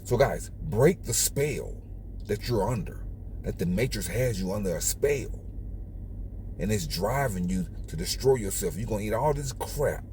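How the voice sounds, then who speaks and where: Preachy man with a low voice. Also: animated, unhurried, a little mellow, a little hiss or hum. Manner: preachy, repetitive warnings. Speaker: channel host. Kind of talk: monologue to viewers.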